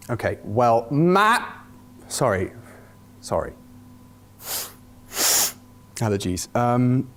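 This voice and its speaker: A man's voice: mid-range voice, big pitch swings, drawn-out words, long pauses. A man hosting a comedy skit interview, talking hesitantly with frequent stammers.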